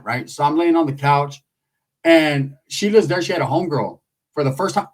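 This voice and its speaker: A man's voice: on the high side, fairly quick, distant mic, low-quality recording. A man from San Jose, California telling a long story in a profane, streetwise, rambling manner. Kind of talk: casual storytelling.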